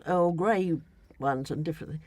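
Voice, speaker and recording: A woman's voice: low voice, measured pace, darkish tone, dry recording. An older woman, a podcast guest, tells a travel story in a rambling, hesitant way, full of restarts and fillers. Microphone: studio mic.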